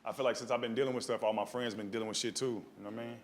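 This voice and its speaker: Speaking in a medium-pitched, steady voice at a rapid-fire clip, a male stand-up comedian rambles through streetwise stories on stage with a handheld mic. He keeps asking the live audience "you know what I mean," their laughter audible behind him, and the recording carries a slight hiss or hum.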